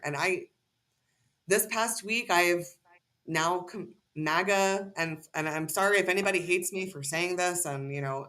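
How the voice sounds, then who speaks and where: A woman's voice: fairly low pitch, fairly bright tone. A woman as a podcast guest, ranting heatedly and cursing freely in casual conversation.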